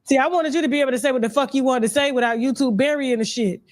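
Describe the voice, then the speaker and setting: A woman's voice: sits high, rapid-fire, no echo. A woman hosting an uncensored interview, brash and profane. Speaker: host.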